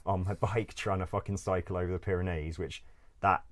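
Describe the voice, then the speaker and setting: A man with a very low, deep voice tells stories in a loose, rambling way. He leans on "like" constantly, swears without a second thought and breaks into laughter as he goes. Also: fairly even intonation, a little fast. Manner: rambling, full of "like", swears freely, laughs often. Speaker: interview guest. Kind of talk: casual storytelling.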